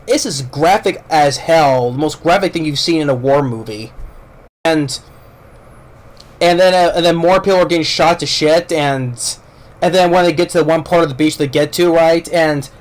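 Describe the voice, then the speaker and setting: A man casually reviewing a film, rambling with many restarts and repeated words, blunt and informal, with casual swearing. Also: a little high. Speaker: movie reviewer.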